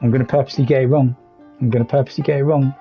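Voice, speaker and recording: A man's voice: medium pitch, fairly even intonation, very fast, muffled recording, soft background music. A man streaming a game, joking and chatting with viewers about his play. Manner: jokey, self-mocking, chats with viewers. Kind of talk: live game commentary.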